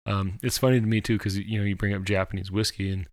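A man's voice: on the low side, level tone, fast, darkish tone, no echo, studio quality. A man co-hosting a casual podcast chat, rambling with many fillers and restarts. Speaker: podcast co-host.

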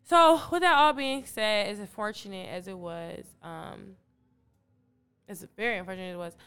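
A woman's voice: mid-range voice, normal speed, a bit bright, clear, resonant tone. A young adult woman from Detroit, a podcast guest in casual chat, telling stories animatedly and acting out her own past remarks. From Detroit, Michigan.

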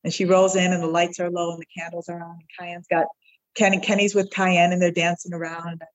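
A woman's voice: fairly low pitch, level tone, a little fast, poor audio. A woman guest on a podcast, telling a heartfelt personal story and acting out the voices of the people in it. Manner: heartfelt, acts out the quoted voices.

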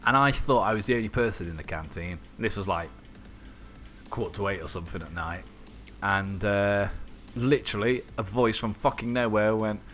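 A man in casual chat as a podcast co-host, telling stories in an animated way, swearing freely and acting out the voices of people he quotes. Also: lowish voice, moderate pace, faint music behind.

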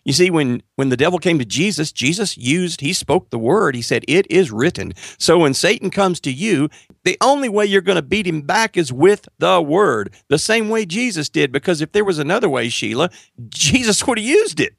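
A man's voice: very animated, normal speed, gravelly, husky, no room sound, studio quality. A man telling his testimony as a guest, acting out the dialogue and speaking earnestly to the host. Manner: acts out dialogue with big pitch jumps; earnest, addresses the host directly. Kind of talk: animated storytelling.

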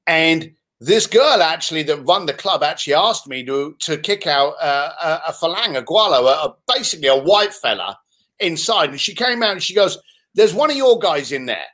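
A man in his fifties from London, with a London English accent, telling lively stories as an interview guest. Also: fairly high pitch, moderate pace. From London, England. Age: 50s. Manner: animated, swearing, laughs while telling stories. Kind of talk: casual storytelling in conversation.

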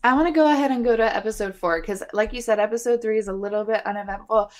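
A young woman co-hosts a podcast, recapping a reality show in a chatty, opinionated way and swearing freely. Her mid-range voice moves fast.

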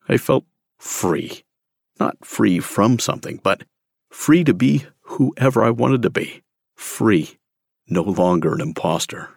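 A man's voice: deep voice, gravelly, dry recording, clean studio sound. A man narrating his own memoir story in a candid, wry, emphatic way, read from a script. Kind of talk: scripted first-person storytelling.

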